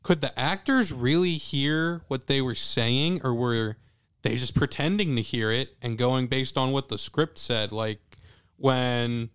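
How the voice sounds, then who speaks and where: A man co-hosting a casual film chat, curious and animated as he tells what he noticed. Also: mid-range voice, a little slow, smooth. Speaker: podcast co-host.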